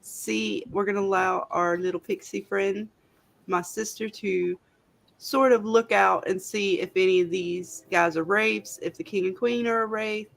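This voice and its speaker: A woman's voice: medium pitch, steady tone, unhurried, creaky. Chatty woman player at the table. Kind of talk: casual chat at a tabletop game.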